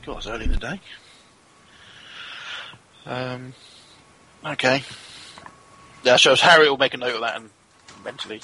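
A man playing a tabletop game, asking questions in a halting way. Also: medium pitch, pushed and bright, husky, low-quality recording. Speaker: player.

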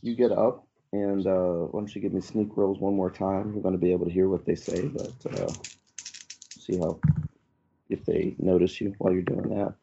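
A man running a tabletop game as game master, narrating in a relaxed, halting way. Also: deep voice, vocal fry, a little hiss or hum. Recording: muffled lo-fi audio.

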